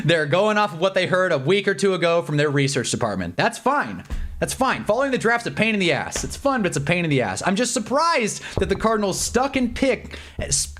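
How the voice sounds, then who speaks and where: Stream host, excitable man with a high, very lively voice, rambling. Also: slight background noise. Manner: excitable, rambling, laughs often. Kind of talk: live draft reaction stream.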